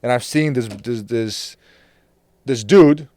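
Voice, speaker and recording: A man hosting a podcast in casual conversation, talking earnestly, repeating himself and trailing off quietly. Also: mid-range voice, slow pace, no echo, clean studio sound. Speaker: podcast host.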